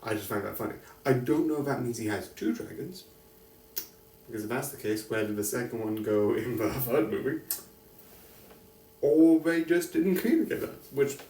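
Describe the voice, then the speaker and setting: A man's voice: medium pitch, a little mellow, slight background noise. A man giving a casual, rambling film review, correcting himself often and laughing between thoughts. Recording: echoey room, distant mic.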